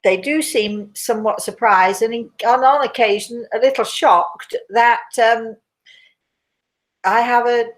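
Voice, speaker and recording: Hosting a relaxed livestream with audience questions, an older woman from Britain, speaking with a British accent, chats and rambles, laughing readily. Her voice is a little high and her pace a little slow.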